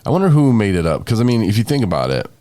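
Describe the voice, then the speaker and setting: A man's voice: on the low side, sing-song, very fast, warm tone, no echo. A young man with covid, hosting a casual podcast and rambling in a tired, joking way. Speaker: podcast host.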